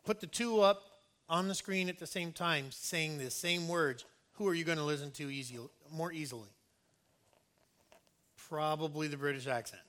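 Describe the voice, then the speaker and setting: A pastor delivers a sermon in an earnest, conversational style, emphasizing his points and frequently starting sentences over. His voice is slightly high, bright, and forceful, at a normal pace.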